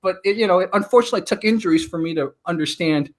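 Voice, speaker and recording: A man in his thirties talking casually as a podcast guest, telling stories in an animated way with lots of filler words. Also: high voice, racing. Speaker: podcast guest, martial artist. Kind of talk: casual chat.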